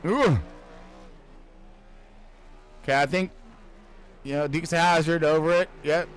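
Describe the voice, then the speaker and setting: A man giving casual, jokey sim racing commentary who gets excitable and shouts when cars crash. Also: on the high side, unhurried, a little hiss or hum, low-quality recording. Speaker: race commentator.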